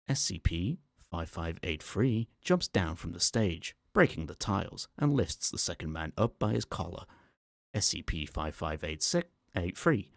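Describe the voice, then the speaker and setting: A man reading a horror story aloud as an ASMR narrator, calm, measured and matter-of-fact, on a close microphone. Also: sits low, gravelly, dry recording.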